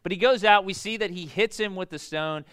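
A young male pastor with a high, bright voice rambles cheerfully through a sermon, dropping jokes and side stories. His tone is clean and smooth, with plenty of "like" and "um" along the way. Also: fairly quick. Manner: jokey, rambling, full of fillers and asides. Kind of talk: casual conversational sermon.

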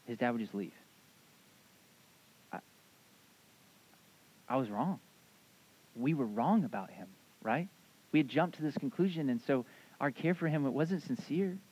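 A man's voice: medium pitch, expressive, a little slow, long pauses, a little mellow, breathy edge. A man preaching a casual, conversational sermon as a youth pastor, rambling through stories with lots of fillers and "right?". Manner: rambling, filler-heavy storytelling with frequent "right?". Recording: dull lo-fi sound.

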